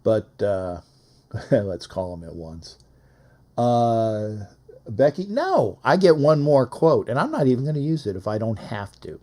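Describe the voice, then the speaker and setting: A man's voice: medium pitch, very animated, a little slow, a little mellow. A man hosting a casual live call-in sports show, rambling and repetitive as he reads out phone numbers.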